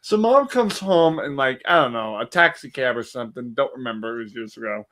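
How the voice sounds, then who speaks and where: A man's voice: mid-range voice, lively intonation, a little fast, fairly bright tone. A man telling a rambling personal story in casual chat, laughing often and acting out the voices of family members. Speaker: stream co-host telling a story.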